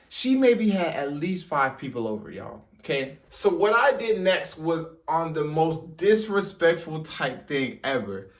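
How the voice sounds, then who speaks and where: A young man, telling a childhood story in a casual, animated way and talking straight to his viewers. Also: high-pitched, distant mic. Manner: animated, chatty, addresses viewers directly. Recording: echoey room, off-mic.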